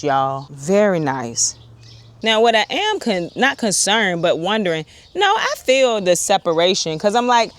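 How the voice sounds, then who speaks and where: A woman talks through an outdoor garden harvest in a casual vlog. Her voice sits a touch low for a woman. She is chatty and excitable, calling out to her viewers as she goes, and she is recorded on a small clip-on mic. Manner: chatty and excitable, often addresses viewers as y'all. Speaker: urban homesteader, channel host. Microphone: wireless clip-on mic.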